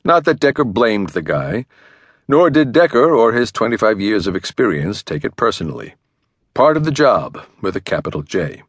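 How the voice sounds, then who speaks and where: A man narrating a thriller audiobook with a dramatic, expressive reading. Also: on the low side, moderate pace, breathy edge, no echo. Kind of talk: scripted narration. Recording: dry studio recording.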